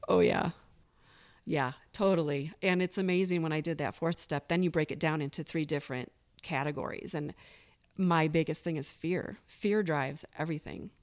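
Earnest woman guest, fairly low voice. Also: steady tone, moderate pace. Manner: earnest and open, acting out her own past thoughts. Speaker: podcast guest. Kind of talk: candid recovery interview.

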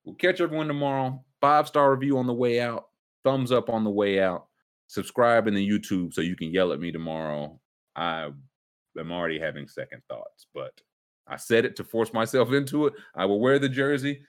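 A man's voice: on the low side, animated, a little fast. A man co-hosting a casual sports podcast, joking and slipping into mocking voices for his bits. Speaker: podcast co-host.

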